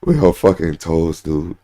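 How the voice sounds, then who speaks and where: A man's voice: low-pitched, mellow. A young man ranting casually to his stream chat, rambling, swearing and repeating "bro" and "son" constantly.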